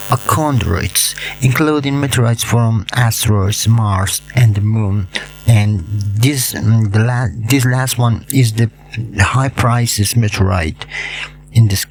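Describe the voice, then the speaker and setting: Male channel host, non-native English accent, unhurried and halting educational delivery, low register. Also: a little hiss or hum. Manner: halting, with many hums and restarts. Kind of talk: informal educational explanation.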